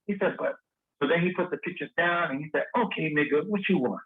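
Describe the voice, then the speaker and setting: A man guest telling a lively story in a casual interview, acting out the dialogue he quotes. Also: on the high side, fast, husky. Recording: tinny phone-line sound.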